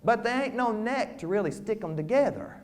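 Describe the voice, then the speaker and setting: A man voicing a slow, shrewd old country trader who talks in a dry, deliberate way. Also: high-pitched, animated, pitched above the performer's own voice. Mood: appraising.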